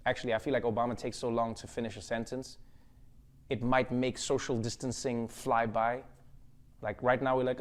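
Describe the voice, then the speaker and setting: A man hosting a comedy show from home, delivering a casual, playful monologue with sudden loud jumps. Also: medium pitch, level tone, moderate pace. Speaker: late-night comedy host.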